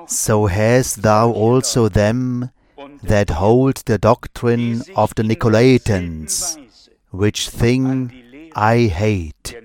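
Slow, low-voiced male preacher. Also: darkish tone. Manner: slow, measured preaching with short phrases. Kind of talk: sermon.

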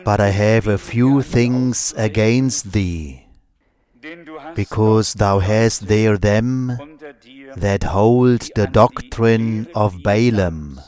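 Guy preaching a sermon real slow, lowish voice, short measured phrases. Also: a little mellow.

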